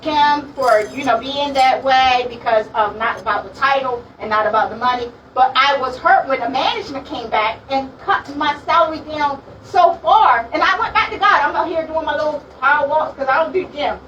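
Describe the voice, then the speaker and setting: A woman, sharing her testimony at a women's conference in a lively, laughing storytelling manner. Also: sits high, moderate pace, few pauses, highs cut off, slight background noise. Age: late 40s. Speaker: minister and speaker. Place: conference room with audience. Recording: distant mic, audience sounds.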